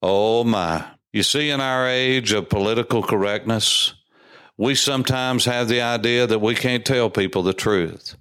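A man's voice: mid-range voice, measured pace, fairly bright tone, smooth, dry recording, clean studio sound. A man preaching a sermon, reading scripture aloud and commenting with emphatic, rising insistence.

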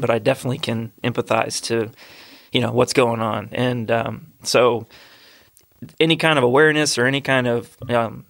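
A man hosting an interview, sincere and halting, with fillers and repeated words. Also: medium pitch, vocal fry, a bit bright, no room sound, clean studio sound. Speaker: podcast host. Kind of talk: casual interview chat.

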